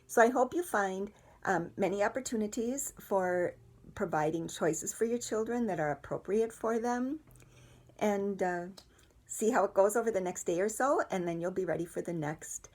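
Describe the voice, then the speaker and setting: A middle-aged woman, calmly and patiently explaining parenting ideas with everyday examples. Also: mid-range voice, moderate pace. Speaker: parenting educator. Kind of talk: instructional talk to parents.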